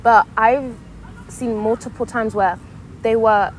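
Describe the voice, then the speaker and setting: Animated young woman chatting casually. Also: on the high side, slow, slight background noise. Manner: animated, acts out quoted voices. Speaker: podcast co-host. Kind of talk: casual chat.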